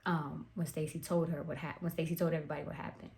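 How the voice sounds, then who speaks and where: A woman's voice: deep voice, level tone, fast, vocal fry, a little mellow. A woman hosting a true crime movie recap, retelling the plot in a chatty, casual way with wry personal asides.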